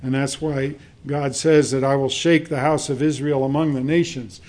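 A man preaching a sermon to a congregation, speaking in a measured way with frequent fillers and reading scripture aloud. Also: mid-range voice, fairly even intonation, darkish tone. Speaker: pastor.

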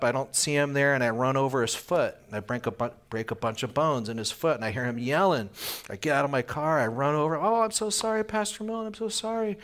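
A man's voice: medium pitch, a bit bright, clear, resonant tone. A man preaching a sermon in a conversational way, asking the listeners questions and acting out little scenes. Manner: acts out little scenes with quick voice changes. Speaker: pastor.

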